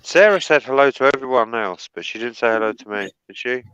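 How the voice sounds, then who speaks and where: A man's voice: medium pitch, expressive, fairly quick, a bit bright, smooth, no echo, dull audio. A man with an English accent in a casual online group chat, joking and swearing often. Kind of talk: casual banter.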